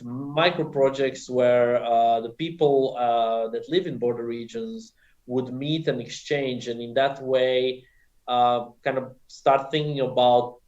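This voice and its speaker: Man answering with many filler pauses, roomy dull audio. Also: medium pitch, darkish tone. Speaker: panel guest from a regional policy body. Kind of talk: panel discussion answer.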